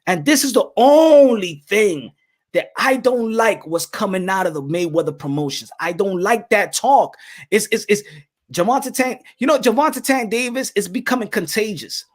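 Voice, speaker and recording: Animated man giving opinionated commentary. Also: high voice, normal speed. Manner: repetitive, animated, restarts phrases. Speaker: boxing commentator.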